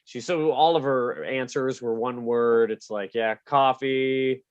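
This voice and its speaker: A man's voice: mid-range voice, fairly even intonation, slow, clean tone, no echo, highs cut off. A man doing a stand-up comedy set on a club stage, self-deprecating and laughing at his own jokes. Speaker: stand-up comic.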